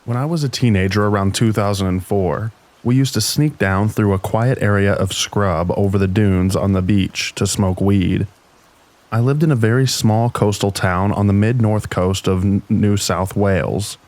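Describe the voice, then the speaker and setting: A man with a deep voice reading scary stories in a slow, even storytelling manner. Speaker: narrator. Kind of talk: scripted narration of scary stories.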